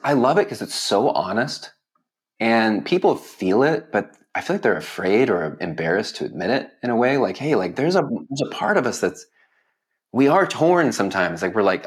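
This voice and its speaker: A man with a somewhat low voice hosts a relaxed interview. He talks with eager warmth about the music and fills his sentences with "like". His delivery is casual and conversational. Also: normal speed. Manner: enthusiastic, heavy use of "like" fillers.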